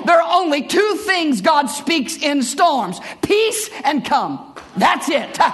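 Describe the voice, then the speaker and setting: A man preaching a sermon in church as pastor, building from measured storytelling into impassioned, shouted bursts. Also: very high-pitched, big pitch swings, crowd noise, noisy background.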